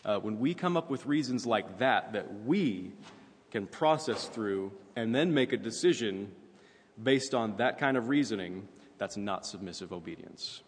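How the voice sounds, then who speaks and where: Male preacher, lowish voice, chatty teaching sermon with fillers, reverberant church hall. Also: animated, unhurried, a little hiss or hum. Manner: conversational, with frequent fillers and "right?" asides.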